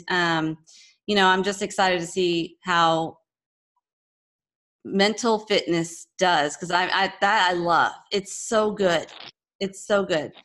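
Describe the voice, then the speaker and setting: A podcast host who grew up in Texas speaks with a Texan accent, her voice medium-pitched and fairly bright. She chats casually in an interview, rambling and restarting her sentences.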